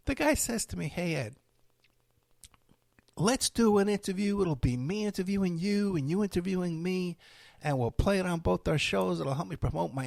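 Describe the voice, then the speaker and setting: A middle-aged man, hosting a podcast and telling stories in a rambling, animated monologue. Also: high voice, creaky, dry recording, clean studio sound. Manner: rambling, animated storytelling with laughs and asides. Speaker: podcast host.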